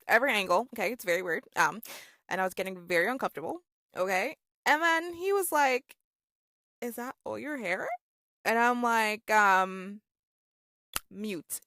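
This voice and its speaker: A woman's voice: mid-range voice, a bit bright, dry recording. Chatty young woman in a dry room. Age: 20s. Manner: chatty, sarcastic, many fillers like "like" and "okay?". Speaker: storytime vlogger. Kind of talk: casual storytelling to camera.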